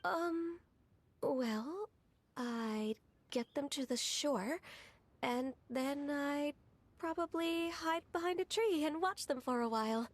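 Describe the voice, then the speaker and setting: An actress playing a gentle, shy young woman who speaks softly and hesitantly, with little pauses. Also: sits high. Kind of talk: game voice acting.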